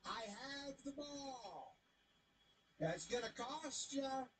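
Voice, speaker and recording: A man's voice: extremely high pitch, expressive, slight background noise, voice pushed up, full character voice, low-quality recording. A man doing a sly greedy catcher. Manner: slow, sly, wheedling. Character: greedy male catcher holding out for money.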